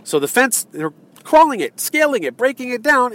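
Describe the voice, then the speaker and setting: A man's voice: very high-pitched, sing-song, fairly quick, fairly bright tone, no room sound. A man in his car in traffic, ranting in a heated, rambling way with many fillers and restarts. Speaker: vlogger. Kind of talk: ranting political monologue.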